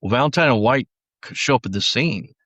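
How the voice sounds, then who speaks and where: A man's voice: medium pitch, lively intonation, a little fast, a bit bright, no room sound. A middle-aged man, a former sheriff's deputy, recounting his story in an interview, with frequent restarts and quoted lines acted out. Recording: dry, slightly dull audio.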